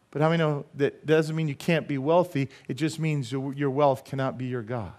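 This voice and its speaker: A man's voice: medium pitch, fairly even intonation, brisk, few pauses, darkish tone. A middle-aged man preaching a sermon as pastor, emphatic and full of rhetorical questions to the congregation.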